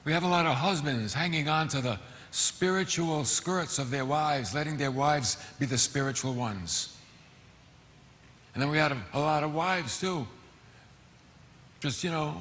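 A middle-aged man preaching a sermon as pastor, animated, acting out quoted voices and breaking into sudden shouts. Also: fairly high pitch, unhurried, long pauses, big-room sound. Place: church hall.

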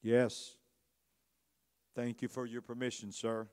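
A man preaching a sermon as a bishop. His delivery swings from hushed to loud, and he repeats phrases for emphasis. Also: mid-range voice, completely flat delivery, slow pace, clean tone.

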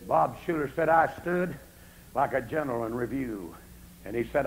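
A man preaching a camp meeting sermon, telling folksy stories and swinging from soft asides to shouting, on an old recording with a faint hum. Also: mid-range voice, lively intonation, moderate pace, poor audio. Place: camp meeting, outdoors or in a tabernacle.

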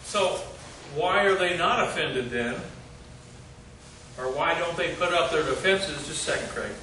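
Slow, halting man leading Bible study. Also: a little high, bright, forceful tone, recorded from a distance. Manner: halting, many fillers, quizzes the group. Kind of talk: group Bible study teaching. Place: church meeting room. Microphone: distant room mic. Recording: echoey room recorded from afar, noisy.

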